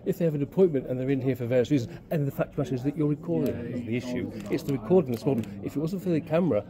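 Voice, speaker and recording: A man's voice: mid-range voice, rapid-fire, crowd noise. A man on the staff of a public office, insistently and politely repeating his requests in a heated argument indoors. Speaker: job centre staff member. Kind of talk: heated confrontation.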